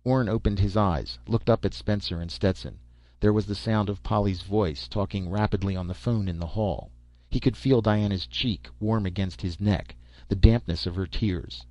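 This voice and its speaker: A man reading a short story aloud as narrator, steady and even. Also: fairly low pitch, normal speed, no room sound. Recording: dull lo-fi recording.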